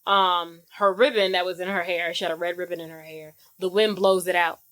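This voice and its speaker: A woman co-hosting a podcast, casually retelling a film's plot in slang-filled, animated chat. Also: on the low side, a little fast. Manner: animated storytelling with acted-out quotes. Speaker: podcast co-host. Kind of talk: casual movie recap chat.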